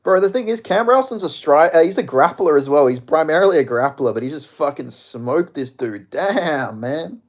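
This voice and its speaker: An Australian man giving a live fight reaction, excitable and profane, shouting at big moments. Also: on the high side, normal speed, few pauses.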